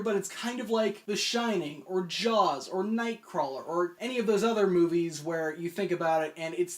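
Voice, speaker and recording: A man in his twenties hosting a comedic video essay, rambling with self-mocking asides. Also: high voice. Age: 20s.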